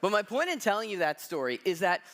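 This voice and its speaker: A man delivers a sermon as pastor, telling a story with animated energy and casual asides to the congregation. His voice sits high for a man. It has a bright, forward edge. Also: quick pace. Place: church.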